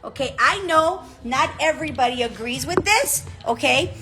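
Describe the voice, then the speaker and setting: A woman coach giving a direct, animated motivational talk, often checking in with "okay?". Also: high-pitched, moderate pace, hardly any pauses, faint music behind, rough recording. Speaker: business coach.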